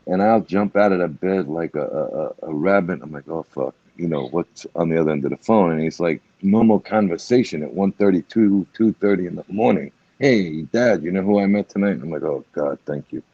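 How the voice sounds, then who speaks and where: Deep-voiced middle-aged guy, husky, talks blunt and swears a lot, dull dry sound. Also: a little fast, few pauses, dark tone, no echo. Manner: blunt, swears freely, many "you know"s. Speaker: guest. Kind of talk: emotional casual talk.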